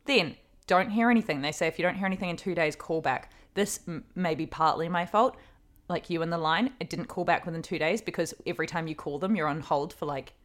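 Expressive woman podcast co-host. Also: fairly low pitch, a little fast. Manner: expressive, emphatic ranting with fillers. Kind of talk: casual chat.

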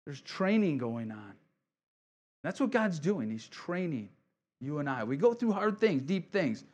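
A man's voice: fairly high pitch, sing-song, a little slow, a little mellow. Conversational male pastor preaching. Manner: conversational, asks congregation "right?" often; encouraging, repeats key phrases. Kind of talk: sermon.

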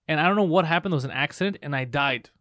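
A man's voice: a little high, rapid-fire, a bit bright, dry recording, studio quality. A man co-hosting a podcast, telling a story in brash, profane casual chat. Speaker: podcast co-host.

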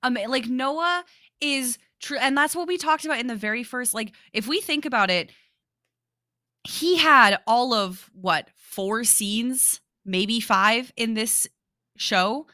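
Podcast girl, bright sharp voice, super dry sound, gushy and chatty. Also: fairly high pitch, slow pace, no echo. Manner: gushing, lots of "like" fillers, laughs easily. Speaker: podcast co-host. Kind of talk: casual chat.

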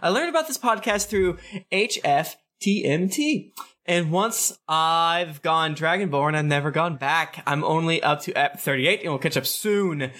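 A man co-hosting a podcast, rattling off listener reviews in a quick, casual read-through and laughing along. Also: on the high side, animated, bright, forceful tone.

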